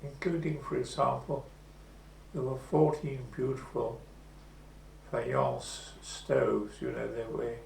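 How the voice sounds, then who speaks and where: A man in his eighties recalling the past in an oral history interview, telling his story slowly and with pauses. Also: mid-range voice, level tone, creaky, a little mellow. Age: 80s. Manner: slow, measured storytelling with pauses. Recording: echoey room with faint hum.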